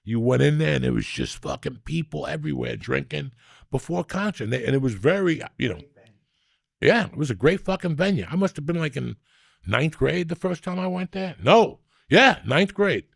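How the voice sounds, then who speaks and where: An older man with a deeply gravelly, husky voice that sits low, talking in a rambling, foul-mouthed way. He hosts a casual podcast, swinging between ribbing his co-host and long stories. The sound is dry and close. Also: lively intonation, moderate pace, dry recording. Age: 60s. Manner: profane, rambling, teasing storyteller. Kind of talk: casual chat and storytelling.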